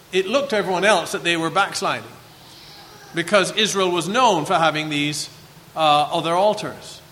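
A man preaching a sermon, animated and acting out the voices of the figures in his text. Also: high voice, big-room sound.

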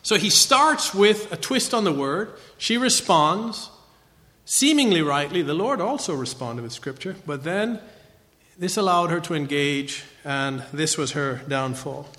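A man's voice: a little high, animated, a little slow, sharp tone, big-room sound. A man giving a conversational Bible teaching lecture, often checking in with a rhetorical "right?".

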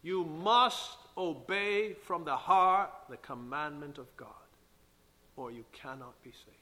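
Forceful preacher man in an echoing hall. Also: a little high, slow pace. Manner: emphatic preaching with King James scripture reading. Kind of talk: sermon. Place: church sanctuary. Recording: long church hall reverb.

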